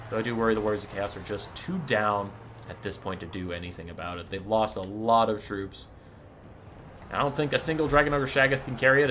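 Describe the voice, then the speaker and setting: A man hosting a game tournament, giving live commentary in an excitable way, laughing and swearing. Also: fairly low pitch, slight background noise. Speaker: tournament host and caster.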